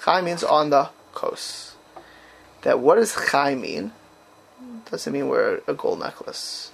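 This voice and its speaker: A man's voice: medium pitch, sing-song, takes it slowly, gravelly, breathy edge. A man teaching a class on a text, quizzing his students and bursting into dramatic exclamations.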